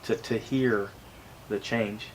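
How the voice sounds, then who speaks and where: A man with a fairly low voice hosts a relaxed interview. He talks in a reflective, halting way and repeats words as he gathers his thoughts. Faint background noise sits under his voice. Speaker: interview host. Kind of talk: casual conversational interview.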